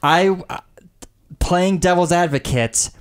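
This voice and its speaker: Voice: mid-range voice, takes it slowly, clear, resonant tone. A podcast co-host in casual movie chat, teasing and playing devil's advocate.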